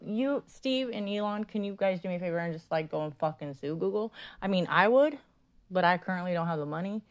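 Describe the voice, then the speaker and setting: A woman's voice: on the low side, expressive, fairly quick. A woman hosting a podcast in a casual monologue, rambling and crude, with lots of swearing, fillers and self-mocking asides. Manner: many fillers and trailing asides. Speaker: podcast host.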